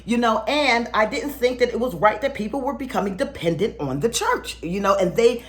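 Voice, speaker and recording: Animated woman telling a story. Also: on the high side, brisk. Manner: animated, laughs often, acts out dialogue. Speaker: spiritual teacher. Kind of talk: casual storytelling to camera.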